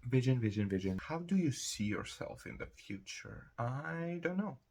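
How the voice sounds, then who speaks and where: A man's voice: mid-range voice, big pitch swings, moderate pace, vocal fry, darkish tone, husky. A young man talking casually to camera in a rambling solo monologue, jumping into quoted voices and laughing often. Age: young adult. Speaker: vlogger.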